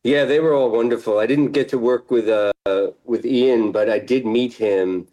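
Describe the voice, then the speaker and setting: In poor-quality audio, a middle-aged man with a mid-range voice talks at normal speed. He's an actor in a laid-back interview, laughing frequently and occasionally letting sentences trail off.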